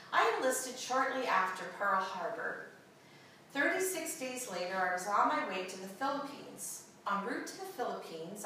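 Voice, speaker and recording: A woman giving a sermon and reading a story aloud, with a slow, earnest, expressive delivery, recorded from far off in an echoey room. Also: medium pitch, slight background noise. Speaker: speaker giving a Mother's Day message.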